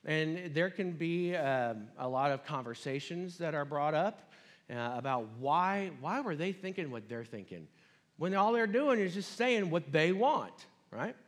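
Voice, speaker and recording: A male pastor delivers a sermon in a relaxed, conversational storytelling manner. His voice sits a little higher than most men's. He drops in chatty asides as he goes. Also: a little slow.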